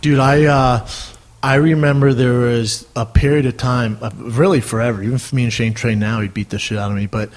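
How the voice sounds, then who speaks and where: A man, a former fighter, telling stories in casual, animated conversation, often tacking on "man" and swearing freely. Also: medium pitch, fairly quick. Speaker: podcast guest, former fighter.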